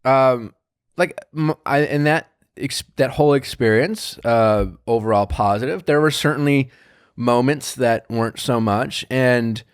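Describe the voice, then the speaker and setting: A man hosts a casual podcast and talks loosely, circling back on himself with restarts and "like"s. His voice sits at an ordinary pitch, and the studio sound is dry and close. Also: a little slow, clean tone, no room sound. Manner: rambling, many restarts and fillers. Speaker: podcast host.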